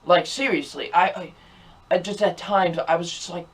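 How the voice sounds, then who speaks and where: A man's voice: sits high, fairly even intonation, normal speed. A young man giving a ranting, repetitive movie review, sounding exasperated as he keeps circling back to the same complaints. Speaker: film reviewer.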